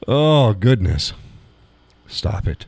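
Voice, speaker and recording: A man's voice: lowish voice, sing-song, drawn-out words, gravelly, a little mellow, husky, no room sound. A man hosting a live show who chats casually and reads out audience comments, rambling and chuckling often. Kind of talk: casual chat reading audience chat.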